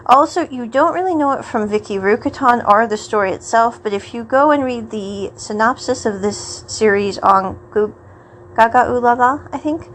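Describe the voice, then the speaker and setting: Chatty woman podcast host, higher voice. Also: moderate pace, a little hiss or hum, rough recording. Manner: chatty and rambling, often laughs mid-sentence. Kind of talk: casual episode recap.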